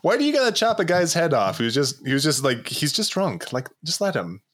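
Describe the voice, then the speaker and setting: A man's voice: on the high side, sing-song, fairly quick, fairly bright tone. A man co-hosting a casual chat, offering wry, sarcastic commentary. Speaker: podcast co-host.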